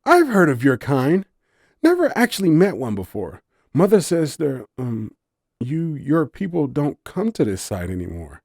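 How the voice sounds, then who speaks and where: A man's voice: fairly high pitch, huge pitch swings, measured pace, creaky, darkish tone, dry recording, studio quality, voice pushed up, heavily acted. A man voicing a curious, bubbly young female forest fawn spirit in an audiobook story, eager and wide-eyed.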